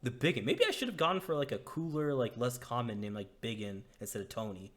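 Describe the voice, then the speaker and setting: A friendly male dragonborn cart driver, voiced by a man, lean and easygoing. He is polite and slightly apologetic, with an everyday, relaxed delivery. It is a tabletop game voice. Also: mid-range voice, brisk, lightly acted. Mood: musing.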